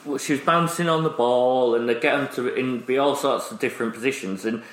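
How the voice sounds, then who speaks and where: A man's voice: medium pitch, fairly quick, a bit bright. Man telling stories in a roomy echo. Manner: rambling, laughing storytelling with many restarts. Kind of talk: casual chat. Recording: roomy echoey room.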